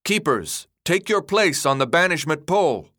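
A stern young leader pronounces judgment in a loud, ceremonious voice, pitched above the reader's own, as a man puts him on. He barks his orders with clipped authority. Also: expressive, a little fast, no echo, clean studio sound. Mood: commanding. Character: stern teenage leader, commanding.

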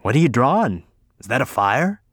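A man's voice: medium pitch, big pitch swings, moderate pace, fairly bright tone, no room sound, clean studio sound, voice pushed up. A man voicing a joking, goofy teenage boy with a playful, teasing manner.

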